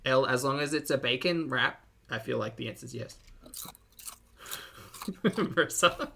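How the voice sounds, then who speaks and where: A man's voice: medium pitch, measured pace, gravelly, pushed and bright, a little hiss or hum. A man with an Australian accent hosting a live reaction stream, chatting casually, laughing often and reading out chat messages.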